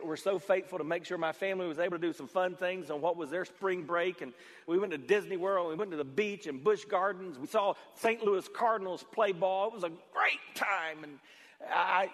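Male pastor, slightly high voice, storytelling sermon with long hall echo. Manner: storytelling with acted-out dialogue, swinging from loud to quiet.

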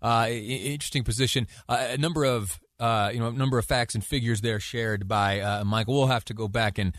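A man hosting a call-in radio show, talking in a halting way with frequent restarts. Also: mid-range voice, fairly even intonation, fairly bright tone, dry recording, clean studio sound. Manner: halting, many restarts, laughs easily. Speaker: radio talk show host.

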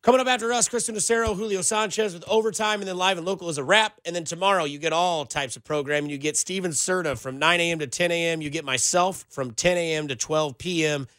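A man hosting a sports radio show, talking in an energetic, playful banter. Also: fairly high pitch, fast talker, few pauses, no room sound, clean studio sound.

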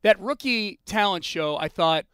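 Sports talk host, male, chatty and opinionated, crisp and slightly raised voice. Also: high voice, lively intonation, sharp tone, no room sound. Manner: chatty, opinionated, quick follow-up questions.

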